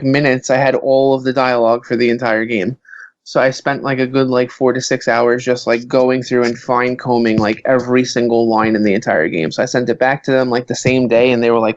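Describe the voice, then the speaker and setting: A man who is a guest on a podcast, an author and professor, telling stories in an animated way with many filler words. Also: mid-range voice, no room sound, muffled recording. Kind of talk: casual interview chat.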